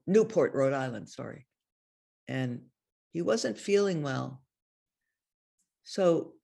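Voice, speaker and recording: Gravelly older woman telling stories. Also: low voice, a little mellow. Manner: chatty, laughing often, many restarts. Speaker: interview guest. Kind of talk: casual anecdotal storytelling.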